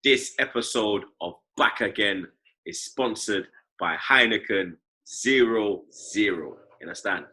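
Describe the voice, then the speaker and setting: A man's voice: fairly low pitch, a little slow, bright, forceful tone, poor audio. A young man with a London accent hosting a casual football podcast, full of slang banter and tags like "you understand". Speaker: podcast host.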